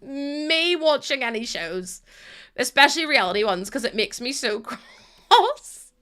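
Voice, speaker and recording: A woman's voice: high-pitched, sing-song, measured pace, fairly bright tone. A young woman chatting to her stream while playing, ranting animatedly and laughing often. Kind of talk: casual chat while playing a game.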